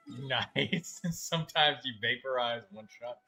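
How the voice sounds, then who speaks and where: A young man's bright, forward voice at an average pitch, chatting loosely as he streams a game. He stays easygoing and friendly and often restarts mid-sentence. Soft music plays faintly underneath. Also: slow pace. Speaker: gaming streamer. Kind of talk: casual chat while playing live.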